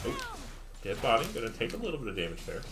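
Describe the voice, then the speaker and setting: A young man casting a live esports stream, chatty and quick to laugh as he reads the chat. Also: mid-range voice, big pitch swings, heavy background noise. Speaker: esports caster. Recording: jazz music playing behind.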